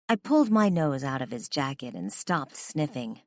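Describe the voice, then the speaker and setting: A woman narrating a first-person romance audiobook in an expressive, conversational way. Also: a bass voice, moderate pace, no echo, clean studio sound.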